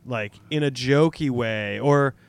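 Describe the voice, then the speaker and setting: A man's voice: medium pitch, slow pace, clean tone. A man, a comedian guest on a podcast, rambling and self-mocking, often laughing. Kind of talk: casual chat.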